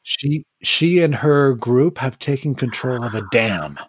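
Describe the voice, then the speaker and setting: A man runs a tabletop game as its narrator, speaking slowly at a mid pitch. He often pauses and restarts, filling gaps with "um." His voice sounds dry and close to the mic. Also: breathy edge, no echo. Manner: unhurried, hesitant with fillers and restarts. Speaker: game master.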